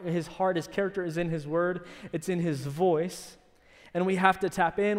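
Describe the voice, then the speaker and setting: A pastor's slightly high voice rings through the sanctuary, each phrase followed by a long tail of reverb. Preaching from the pulpit, he tells a lively story and shouts out the lines he acts out.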